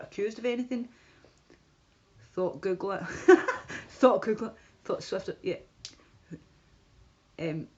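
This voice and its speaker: Woman livestreaming, lo-fi audio. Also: fairly high pitch. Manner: rambling, frequent restarts and asides to chat. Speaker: livestream host. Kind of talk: casual livestream chat with viewers. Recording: dull lo-fi stream audio.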